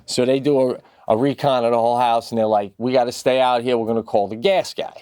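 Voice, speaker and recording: A man spinning a rambling, profane story in casual conversation, his mid-pitched voice shooting way up whenever he gets excited. The sound is close and dry, with no room around it. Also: fast talker, clean tone, no room sound. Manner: climbs far higher in pitch when worked up. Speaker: father.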